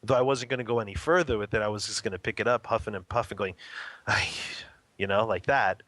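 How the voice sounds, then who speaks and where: A man's voice: lowish voice, quick pace, no room sound. Laughing man telling a family story. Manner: animated, laughs often, acts out quotes. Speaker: guest. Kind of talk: casual storytelling interview.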